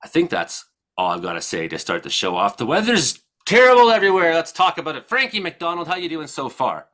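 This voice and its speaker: A man's voice: fairly high pitch, big pitch swings, a little fast, pushed and bright. A man hosting a casual live-streamed weather comedy show, joking and self-mocking as he talks. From Canada. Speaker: host.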